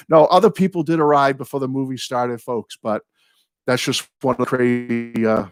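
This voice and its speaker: An older man hosting his own live chat, greeting viewers and rambling excitedly through fan stories and thank-yous. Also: medium pitch, normal speed, no echo, clean studio sound. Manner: rambling, excitable, apologizes for going off on tangents. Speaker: host of a music fan channel.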